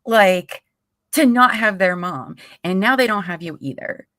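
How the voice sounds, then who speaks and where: A woman's voice: medium pitch, expressive, measured pace, fairly bright tone, no echo, studio quality. A woman hosting a livestream about a trial, angry and swearing as she comments. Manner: angry, profane, repeats courtroom audio aloud.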